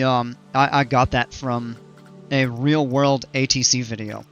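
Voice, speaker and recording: A man's voice: mid-range voice, fairly even intonation, a little slow, a bit bright, soft background music. A man streaming a park-building game, thinking aloud casually with plenty of fillers and restarts. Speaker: gaming streamer. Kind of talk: casual gameplay commentary.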